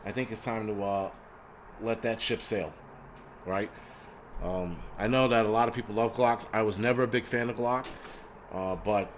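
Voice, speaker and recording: A middle-aged man in the middle of his pitch range, talking casually on a live stream. He is blunt and profane and keeps poking fun at himself. A faint hiss sits under the voice. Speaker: host.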